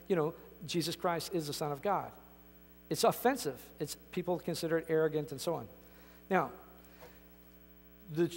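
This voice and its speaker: Man, pastor, high voice, emphatic conversational sermon, church-hall reverb. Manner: emphatic, conversational preaching with frequent restarts. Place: church sanctuary.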